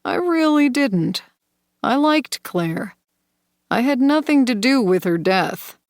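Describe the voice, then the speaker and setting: A woman voicing a smooth, manipulative man in an audiobook thriller, speaking softly and coaxingly. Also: high voice, slow, no echo, clean studio sound, pitched above the performer's own voice, full character voice. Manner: soft, coaxing, sinister calm. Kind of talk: audiobook character voice.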